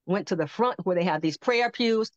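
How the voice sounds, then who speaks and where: An older woman on a podcast telling a personal testimony, animated and acting out the voices she quotes. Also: medium pitch, normal speed, no room sound. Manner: animated storyteller who acts out quoted voices. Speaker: podcast guest. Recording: dull lo-fi dry sound.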